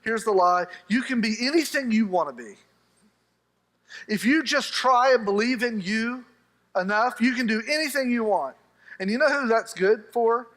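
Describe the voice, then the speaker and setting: A man's voice: very high-pitched, expressive, moderate pace, fairly bright tone. A man preaching a sermon as pastor, telling stories with humor and acting out the voices of the people in them. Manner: humorous storytelling, acts out quoted voices. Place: church sanctuary.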